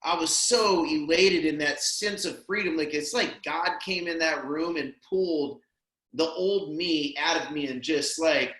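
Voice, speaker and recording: As a podcast guest, a man tells a heartfelt story in an earnest, emotional way, often saying "man" and "dude." His slightly high, a bit bright voice keeps a measured pace, and the recording has a roomy echo.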